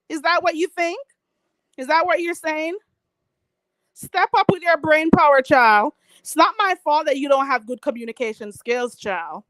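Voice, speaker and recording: A woman's voice: high-pitched, fairly bright tone, no echo. A Jamaican woman ranting on a live stream, sassy and mocking, calling her target "child". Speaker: vlogger.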